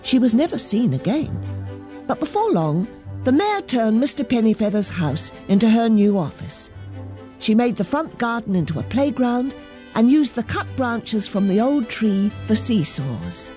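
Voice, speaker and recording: A woman reading a children's story aloud in a gentle, expressive narrating voice. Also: a little high, unhurried, soft background music.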